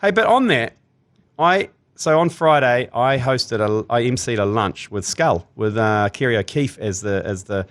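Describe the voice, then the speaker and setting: A man's voice: mid-range voice, normal speed. A man with a New Zealand accent hosting a sports podcast, telling jokey stories in casual chat. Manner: animated, laughing, jokey storytelling. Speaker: podcast host.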